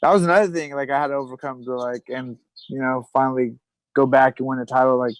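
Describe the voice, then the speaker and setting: A man's voice: mid-range voice, fairly even intonation, quick pace, no echo, low-quality recording. A man in his thirties, a podcast guest, telling stories in a loose, rambling way full of fillers and restarts. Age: 30s. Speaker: podcast guest, retired pro fighter. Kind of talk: casual chat.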